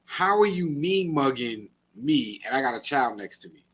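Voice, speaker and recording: A man's voice: medium pitch, big pitch swings, moderate pace, a bit bright, slightly rough. A man co-hosting a podcast, ranting in casual slangy chat. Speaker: podcast co-host.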